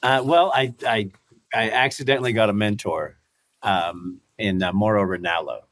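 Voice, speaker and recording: A man's voice: lowish voice, normal speed, a bit bright, no echo. A middle-aged man telling a story as a podcast guest, acting out quotes and laughing often. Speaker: podcast guest, former fighter and broadcaster. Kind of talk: casual storytelling interview.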